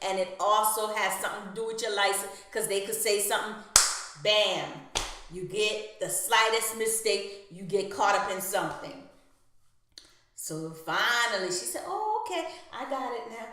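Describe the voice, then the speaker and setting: A woman's voice: medium pitch, measured pace, slight background noise. Emphatic woman in an echoey room. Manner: animated, emphatic storytelling. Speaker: nurse. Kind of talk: personal storytelling vlog.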